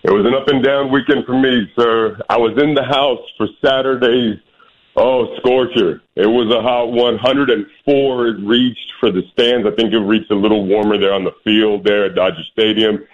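A man's voice: medium pitch, steady tone, normal speed. A man calling in to a sports radio show, bluntly griping about his teams' weekend. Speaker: caller. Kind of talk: phone-in call. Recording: phone line.

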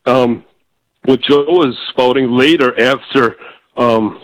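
A man's voice: mid-range voice, slow, no echo, low-quality recording. A man from Michigan calling into a radio talk show, rambling in long run-on stretches full of fillers. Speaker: caller.

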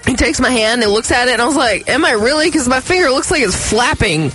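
A woman telling a story in casual chat, lively and acting out what people said. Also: fairly high pitch, quick pace, soft background music. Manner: animated storyteller acting out quotes.

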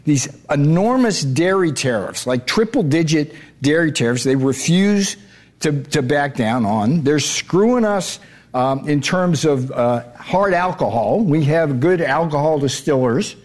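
A man answers an interviewer bluntly, leaning hard on his points. He restarts and repeats words as he goes. His voice sits a little high for a man. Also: lively intonation, measured pace, darkish tone. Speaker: trade adviser guest.

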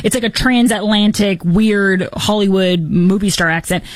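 Female host, mid-pitched, biting sarcastic delivery, dead-dry booth sound. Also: normal speed, dry recording. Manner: sarcastic, mocking, animated. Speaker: political commentary host. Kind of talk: opinionated political commentary.

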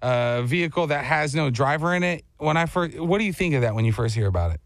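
A man's voice: fairly high pitch, quick pace, no echo, clean studio sound. A man hosting a show in casual chat, telling stories and acting out the voices in them. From Texas. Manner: animated storyteller, acts out quotes. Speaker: radio show host.

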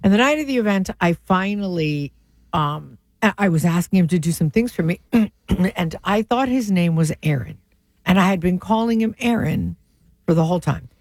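A woman's voice: lowish voice, lively intonation, a little mellow, dry recording. A woman radio host, telling stories in casual on-air chat. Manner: chatty storyteller, quick asides. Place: radio studio.

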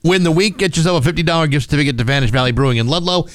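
A man's voice: on the high side, very fast, no room sound. A man co-hosting a morning radio show, chatting casually and reading ads in a loose conversational way. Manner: relaxed, conversational, some restarts. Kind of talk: casual radio banter and live read ads. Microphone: studio microphone.

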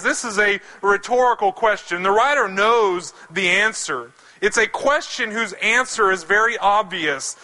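A man preaching a sermon, slowing down and lowering his voice for scripture quotes. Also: bright, forceful tone. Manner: slows to stress scripture quotes. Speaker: pastor.

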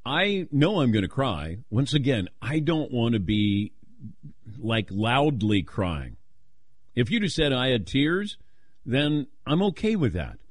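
A man hosting a sports call-in radio show, self-deprecating and quick to laugh. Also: mid-range voice, sing-song, no room sound, studio quality.

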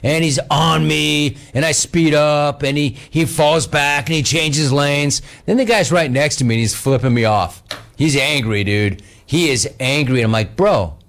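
A middle-aged man hosting a talk radio show, telling exasperated stories in a casual, animated way. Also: fairly high pitch, moderate pace, a little hiss or hum.

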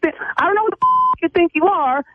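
A mother arguing heatedly on a phone call, indignant and cursing with quick retorts. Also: very high voice, slight background noise. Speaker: prank call target, mother. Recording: tinny dry phone line.

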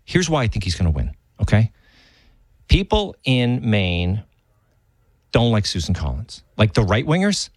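Animated, rambling man chatting politics. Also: measured pace, long pauses, no echo. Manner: animated, rambling, pitch jumps up when emphatic. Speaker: co-host. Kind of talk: casual political chat.

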